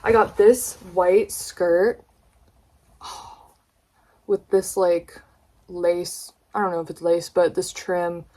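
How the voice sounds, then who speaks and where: A young woman from the United States, chatting excitedly in a casual haul vlog, gushing and swearing casually. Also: lowish voice, slow pace, long pauses. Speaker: vlogger.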